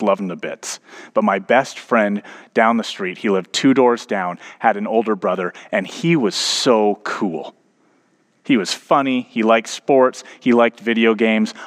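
A man's voice: on the low side, measured pace. A man in his thirties, a pastor preaching a sermon, telling a story and building to emphatic points.

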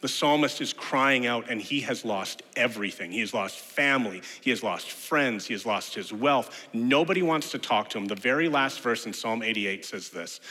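Male pastor preaching, bright and forceful, lively storyteller, long hall reverb. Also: mid-range voice, normal speed, hardly any pauses. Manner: animated storyteller who acts out quoted voices. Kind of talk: sermon.

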